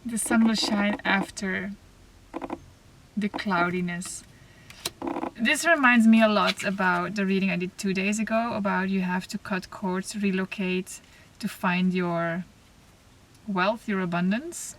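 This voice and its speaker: A woman giving a spiritual oracle card reading to camera, talking softly and reflectively, with pauses and restarts. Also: mid-range voice. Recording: slightly distant mic, faint noise.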